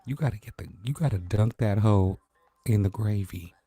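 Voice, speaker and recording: Man, laid-back livestream host, chatty, greets viewers by name; lowish, warm tone. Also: normal speed, breathy edge. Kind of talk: casual late-night livestream chat. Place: at home at night.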